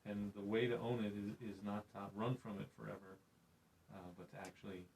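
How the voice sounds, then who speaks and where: A man's voice: lowish voice, fairly even intonation, a little fast, creaky, a little mellow, poor audio. A man hosting a faith podcast, reflective and preacherly, retelling Bible scenes in conversation. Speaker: podcast host.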